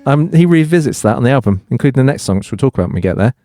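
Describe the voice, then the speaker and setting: A man's voice: mid-range voice, very fast, no room sound, studio quality. A man co-hosting a podcast, asking questions and joking that he is a geek. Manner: lively, questioning, self-deprecating about being a geek. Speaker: podcast co-host. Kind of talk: casual music discussion.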